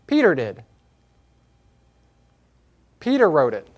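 A man preaching a sermon, moving from quiet reflection to raised, emphatic scripture reading. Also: a little high, huge pitch swings, slow. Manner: earnest, repetitive exhortation.

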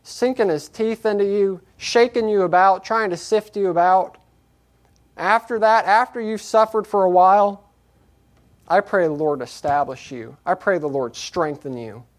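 A man preaching a sermon, moving from quiet reflection to raised, emphatic scripture reading. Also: high voice, a little slow. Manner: earnest, repetitive exhortation.

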